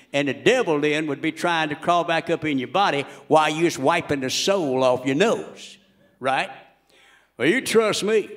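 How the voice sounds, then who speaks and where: A man voicing a crude, indignant middle-aged everyman who rants in a comedic monologue and shouts his punchlines. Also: on the high side, lightly acted.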